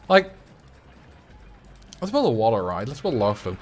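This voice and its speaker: A man with a Dutch accent chatting casually while he livestreams a game, rambling and thinking out loud at a desk mic. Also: medium pitch, sing-song, moderate pace. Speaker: streamer.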